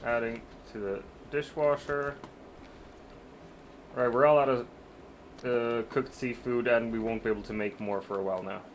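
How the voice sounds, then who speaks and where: A man's voice: mid-range voice, fairly even intonation, normal speed, long pauses, a little hiss or hum. A man streaming a game in casual chat, laid-back, swearing offhandedly and laughing easily.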